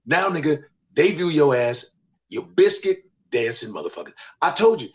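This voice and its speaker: A man's voice: a little high, lively intonation, moderate pace. Ranting, profane man on a muffled call. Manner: profane, ranting, repeats himself. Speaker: comedian guest. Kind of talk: casual livestream chat. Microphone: remote call.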